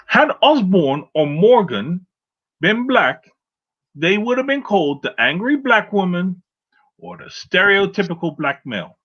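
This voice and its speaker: A man's voice: sits high, very animated, measured pace, slightly rough. A man co-hosting a casual opinion chat, emphatic, often checking in with "right?". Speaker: podcast co-host. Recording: dull lo-fi sound.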